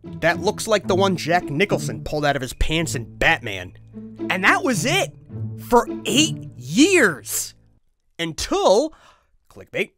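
A man hosting a comedic toy history show, with a lively, swooping delivery. He sounds jokey and exasperated, and his voice cracks upward when flustered, over faint background music. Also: sits high, slow. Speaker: host.

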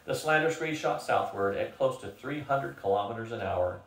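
Older male reader, steady storyteller. Roomy, distant mic. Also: mid-range voice, moderate pace. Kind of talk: reading a novel aloud.

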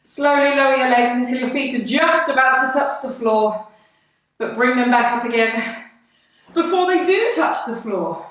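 A woman's voice: high-pitched, moderate pace, a bit bright. A woman leading a live workout, cheerful and encouraging, out of breath between exercises. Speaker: fitness instructor. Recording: echoey room, voice from a distance.

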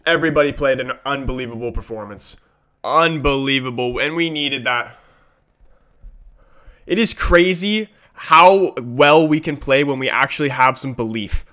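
A young man filming himself reacting live to a football match, muttering one moment and shouting and swearing the next. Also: mid-range voice, moderate pace.

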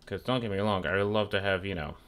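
A man's voice: low voice, fast, a bit bright. A young man giving casual, profane commentary while streaming a game, trash-talking the mobs that attack him. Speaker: gaming streamer.

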